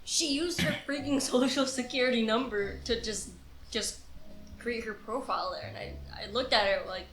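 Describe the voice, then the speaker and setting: A woman's voice: fairly high pitch, normal speed, fairly bright tone, slight background noise. Young female student guest, chatty and wry, roomy sound. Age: young adult. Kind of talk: casual chat.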